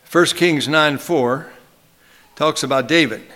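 A man delivers a sermon in a high voice, quoting scripture in old-fashioned phrasing. He slows right down on key phrases and leads his listeners in call-and-response. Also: pushed and bright. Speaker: preacher.

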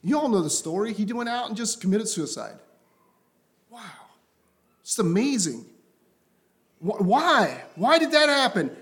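A man preaching a sermon to a congregation, impassioned and repetitive, often dropping to a soft, low voice. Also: big pitch swings, unhurried, long pauses.

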